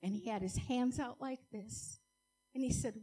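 A woman's voice: on the high side, moderate pace, warm tone, breathy edge, low-quality recording. Earnest woman giving church testimony. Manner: earnest, emotional storytelling with direct questions to the congregation. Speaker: testimony speaker.

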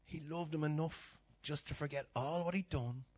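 Husky preacher telling stories. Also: male voice, on the high side, moderate pace. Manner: animated storytelling, acting out voices, dropping to whispers. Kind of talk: sermon.

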